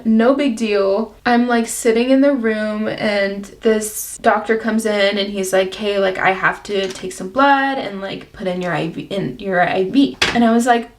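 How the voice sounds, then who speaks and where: A woman of twenty chatting as a beauty vlogger, telling a personal story full of "like" and acting out her own past reactions. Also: medium pitch. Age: 20s. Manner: chatty, filler-heavy storytelling with many "like"s. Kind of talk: casual get-ready-with-me chat.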